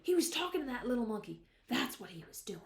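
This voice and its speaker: A woman voicing an excited young country boy. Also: on the high side, fast, gravelly. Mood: hushed excitement. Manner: hushed, urgent talking to his dog. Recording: roomy echo.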